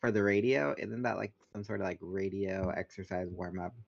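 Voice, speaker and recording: Very low-voiced man, casual podcast chat. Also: moderate pace, vocal fry, dull audio. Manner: playful, rambling, recites tongue-twister warm-ups. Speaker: podcast co-host.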